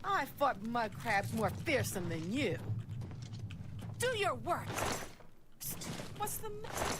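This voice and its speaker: A woman's voice: on the high side, very animated, slow pace, noisy background. An actress playing a boastful female guild warrior in a video game, throwing taunts in combat. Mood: taunting. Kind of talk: video game character barks.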